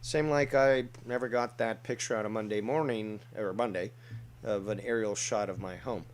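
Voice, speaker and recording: A man's voice: lowish voice, fairly even intonation, normal speed. A man hosting a reaction commentary show, talking in a blunt, profane, mocking way. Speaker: commentary host.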